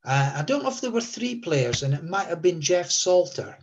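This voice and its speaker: A man in his seventies from Scotland, recalling old anecdotes in an interview with a rambling, halting delivery. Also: on the high side, very animated, highs cut off, slight background noise. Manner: rambling, many fillers and restarts.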